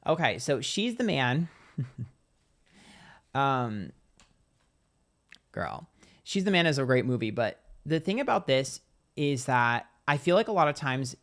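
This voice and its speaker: A man's voice: medium pitch, very animated, measured pace, long pauses, a bit bright. Chatty, profane male tarot reader. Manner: chatty and profane, acts out little scenes. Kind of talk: casual tarot reading to camera.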